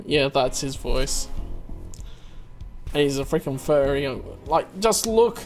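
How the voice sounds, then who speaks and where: A man's voice: on the high side, lively intonation, slow, pauses often, faint music behind. A man hosting a let's play, giving playful casual commentary and reading the game's lines aloud.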